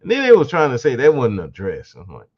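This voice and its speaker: A man's voice: medium pitch, wildly swooping pitch, brisk, muffled recording, a little hiss or hum. A man hosting his own podcast, talking through a casual, sarcastic commentary monologue with mocking laughing asides. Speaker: podcast host.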